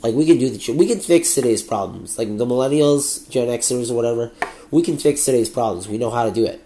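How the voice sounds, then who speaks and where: A man's voice: medium pitch, fast, mellow, a little hiss or hum. A young man with a Canadian accent hosting a solo podcast, ranting heatedly and swearing often. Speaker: podcast host.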